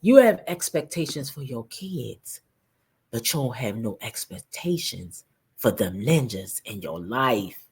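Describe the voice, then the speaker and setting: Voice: medium pitch, big pitch swings, unhurried, a little hiss or hum. A reaction host giving sarcastic commentary on a vlog clip, teasing the people in it and speaking straight to viewers.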